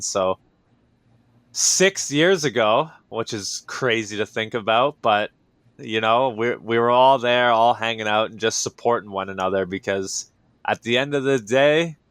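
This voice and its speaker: Energetic man telling wrestling stories. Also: lowish voice, clean tone, no room sound. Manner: energetic, enthusiastic storytelling with many fillers. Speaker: wrestler, interview guest. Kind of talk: casual interview storytelling.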